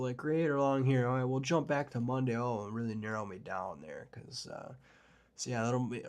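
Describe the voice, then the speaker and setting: A man with a mid-range voice hosts a live weather forecast stream, chatting with viewers in a casual, rambling way full of fillers. Storms clearly excite him as he discusses the forecast with the chat.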